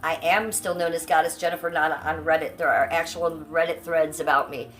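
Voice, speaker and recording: A woman's voice: deep voice, fairly even intonation, a little fast, fairly bright tone, soft background music. A middle-aged woman from Ohio chatting casually on a live stream, blunt and profane, reading out and answering her chat. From Cleveland, Ohio, USA.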